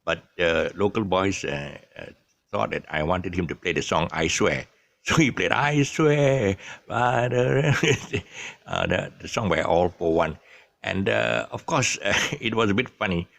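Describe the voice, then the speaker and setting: An older man from Malaysia with a Malaysian English accent, telling stories in a casual, rambling way with many pauses and chuckles. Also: sits low, creaky, fairly bright tone. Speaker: vlogger. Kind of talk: casual storytelling monologue.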